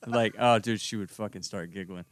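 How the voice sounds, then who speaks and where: A man's voice: lowish voice, fairly quick, no echo. A man guesting as a comedian, chatting in a rambling, profane way and laughing often. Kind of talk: casual chat.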